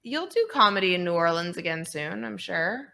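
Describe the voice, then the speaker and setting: A woman's voice: lowish voice, lively intonation, normal speed, creaky, pushed and bright. A woman co-hosting a comedy podcast, chatting casually and firing off teasing questions. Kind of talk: casual chat.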